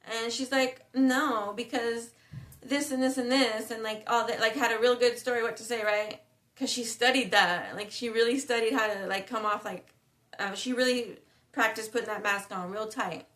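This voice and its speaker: A woman's voice: fairly high pitch, fairly even intonation, normal speed, fairly bright tone. A woman telling a personal story in a casual, rambling way, full of slang, fillers and restarts. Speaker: spiritual vlogger.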